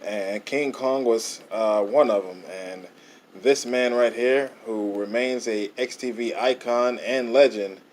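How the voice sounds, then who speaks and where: A man hosting a casual podcast and introducing a guest slowly, with frequent hesitations. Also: mid-range voice, a little hiss or hum, rough recording. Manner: slow, hesitant, lots of fillers. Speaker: podcast host.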